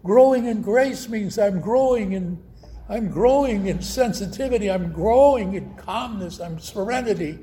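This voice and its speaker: A man's voice: sits high, dark tone. A man preaching a sermon, telling stories and acting out quoted voices. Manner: slow, storytelling with quoted voices.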